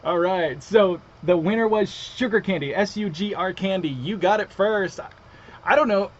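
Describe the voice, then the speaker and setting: A man hosting a casual online livestream, chatty and excitable as he reads out viewer comments and announces winners. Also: high-pitched, moderate pace, lo-fi sound. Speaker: livestream host.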